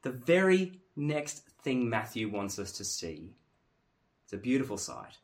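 A man preaching a sermon in an earnest, emphatic way, dropping to hushed tones and then rising to forceful stress. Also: medium pitch, big pitch swings, measured pace.

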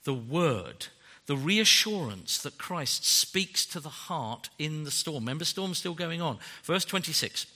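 Male preacher, dramatic sermon delivery, bright and high, very animated pitch. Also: measured pace, few pauses. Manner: dramatic preaching that swings from loud to hushed.

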